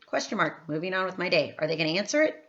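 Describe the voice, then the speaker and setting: A network marketing trainer gives a casual, chatty training talk, upbeat and loaded with fillers. Her lowish, fairly bright voice is animated and racing, on slightly dull lo-fi audio.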